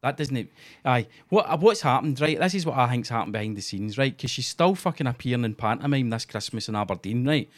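Scottish man, mid pitch, sarcastic ranting co-host, heavy swearing. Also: lively intonation, brisk. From Scotland. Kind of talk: casual chat.

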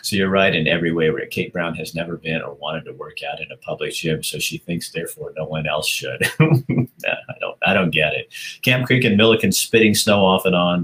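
A man with a deep, low voice hosts a casual livestream. He reads comments aloud in a loose, chatty way and laughs easily between them. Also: sharp tone. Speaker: livestream host reading viewer comments. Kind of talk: casual live-stream chat.

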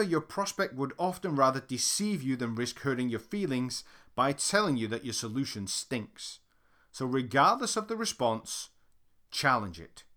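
A man's voice: mid-range voice, a bit bright. A man reading his own sales book aloud as instructional narration, emphatic and direct like a coach.

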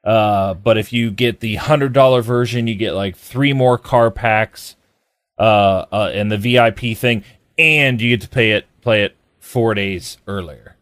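In studio-quality sound with no room noise, a man hosts a relaxed podcast chat. His lowish voice is a bit bright and a little slow, and he wanders with many fillers and restarts.

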